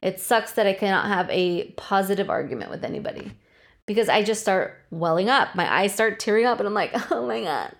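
A woman's voice: mid-range voice, expressive, a little fast, fairly bright tone. A woman in her thirties hosting a solo podcast, talking candidly and with plenty of swearing about personal feelings. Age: 30s. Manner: candid, profane, emotionally open. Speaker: podcast host.

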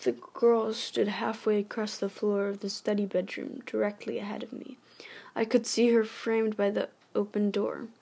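A woman narrates a first-person ghost story at a middling pitch, her voice carrying a gravelly fry. She reads steadily but often stumbles, restarts phrases and corrects herself as she goes. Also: flat delivery, normal speed, warm tone. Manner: reading with frequent restarts and self-corrections. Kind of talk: first-person novel read aloud.

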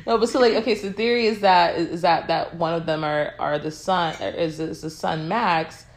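A woman in casual chat about a film, animated and quick to push back and tease. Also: on the low side. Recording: echoey room.

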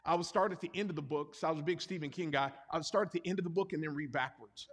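A man's voice: fairly high pitch, rapid-fire. A man preaching a sermon as pastor, in a conversational, confessional storytelling manner with self-deprecating humor. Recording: reverberant hall.

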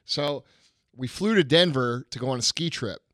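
A man's voice: medium pitch, moderate pace, a bit bright, no room sound, studio quality. A man hosting a podcast, teasing his guest with blunt, profane interjections in a casual chat. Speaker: podcast host.

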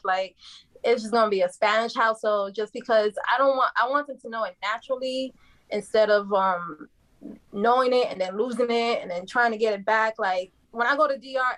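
A woman's voice: fairly high pitch, fairly bright tone, rough recording. A young woman chatting casually, laughing often and filling her talk with "like". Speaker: guest in a family conversation. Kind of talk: casual chat.

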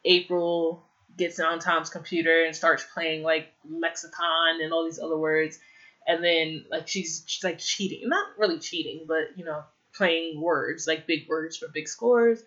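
Her voice is low with fairly even intonation and a fairly bright tone, and she speaks a little slowly. The young woman casually rehashes a TV episode in a meandering way, overusing "like" and voicing annoyed opinions, on slightly dull lo-fi sound.

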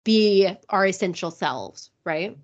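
A woman's voice: medium pitch, animated, takes it slowly, muffled recording. A woman co-hosting a podcast in easygoing, casual book chat, often filling her talk with "like" and "right?". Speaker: podcast co-host.

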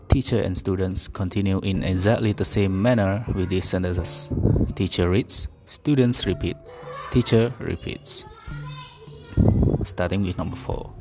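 A man reading an English pronunciation drill aloud, carefully and deliberately, with occasional slips and self-corrections. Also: deep voice, gravelly, over loud music.

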